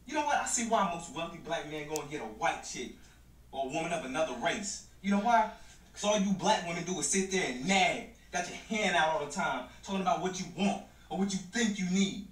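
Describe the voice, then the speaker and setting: A man's voice: a little high, animated, fairly quick, a bit bright. A man playing a sneering, insulting boyfriend. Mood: contemptuous. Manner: taunting, sneering, confrontational. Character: arrogant, insulting man berating his girlfriend. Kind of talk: acted relationship skit. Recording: roomy, distant room sound.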